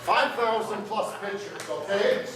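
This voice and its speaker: Joking pastor in an echoey church. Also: male voice, high voice, a little slow, noisy background. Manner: conversational and joking with the congregation. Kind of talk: sermon. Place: church sanctuary. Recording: roomy church sound from a distance. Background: guitar music.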